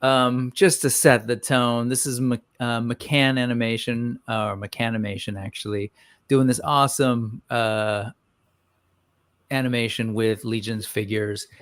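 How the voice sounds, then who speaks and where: A man's voice: medium pitch, fairly even intonation, measured pace, fairly bright tone, clean tone, no room sound. Rambling upbeat male livestream host. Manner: rambling, upbeat, many ums, greets chat viewers by name. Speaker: host of a toy news livestream. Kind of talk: casual livestream chat.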